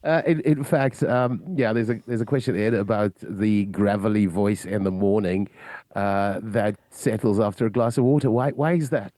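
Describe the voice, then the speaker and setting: A man hosting a radio talk show in a studio, chatting in a relaxed way with small fillers as he reads out listener questions. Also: fairly low pitch, moderate pace, no echo. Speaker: radio host.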